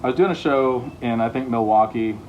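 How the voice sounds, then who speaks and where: Guy cracking deadpan jokes on his reno vlog, medium voice, bit of faint noise behind. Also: medium pitch, a little fast, heavy reverb, recorded from a distance, lo-fi sound. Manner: playful, deadpan humor. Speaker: host of a home renovation show. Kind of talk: joking storytelling while renovating.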